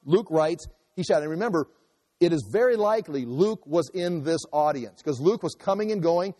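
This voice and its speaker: A male pastor teaches through a passage in a loose, conversational sermon, full of restarts and asides. His voice sits a little high but sounds mellow and dark. The sound rings with long reverb through a large hall. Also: animated, normal speed. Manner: conversational, restarts and asides while explaining scripture. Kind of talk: expository sermon.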